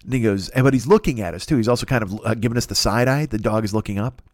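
A man hosting a comedy podcast, telling a story in a profane, animated way and acting out the people in it. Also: lowish voice, racing, no echo, clean studio sound. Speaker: podcast host.

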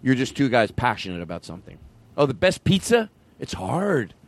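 A man hosting a comedy podcast, rambling and animated in loose banter, a studio mic with a light music bed. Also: medium pitch, normal speed. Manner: rambling, animated, breaks into loud announcer hype. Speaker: podcast host. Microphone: studio microphone.

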